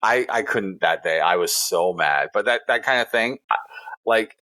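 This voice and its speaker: A man's voice: fairly low pitch, moderate pace, pushed and bright. A man co-hosting a casual podcast, telling a story in a heated, profane way. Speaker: podcast co-host.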